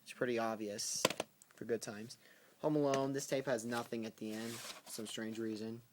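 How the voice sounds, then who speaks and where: A man speaks casually at home, stopping and restarting his sentences with plenty of ums. His pitch sits in an ordinary middle range. The recording carries a clear hiss with scattered clicks. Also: flat delivery. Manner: halting, self-correcting, with ums and restarts. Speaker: VHS tape collector vlogger. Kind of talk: casual spoken video commentary. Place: at home with a pet in the room.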